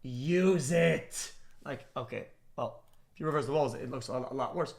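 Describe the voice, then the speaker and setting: A man's voice: medium pitch, fairly even intonation, fast talker. A young man reacting live on stream, talking in a rambling, profane way with lots of stammers and restarts.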